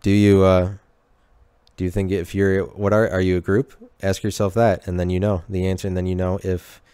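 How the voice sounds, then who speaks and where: A man with a low, smooth, clear voice rambles through a comedic podcast monologue. He keeps restarting his sentences and talks to himself with irony. The sound is dry and close. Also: level tone, moderate pace, warm tone, no room sound. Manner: rambling, restarting sentences, ironic self-talk. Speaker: podcast host.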